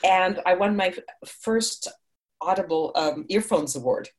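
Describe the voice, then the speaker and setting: Speaking a little slowly in a lowish voice, a middle-aged Hungarian woman who acts and narrates audiobooks gives casual, upbeat interview answers. She often goes off on tangents and laughs a lot.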